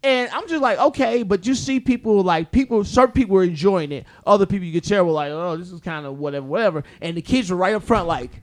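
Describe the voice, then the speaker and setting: A man with a high-pitched voice tells a story in casual chat, swearing freely and acting out the people in it. He is a comedian, lively and loose. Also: quick pace, hardly any pauses. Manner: animated, profane, acts out quotes.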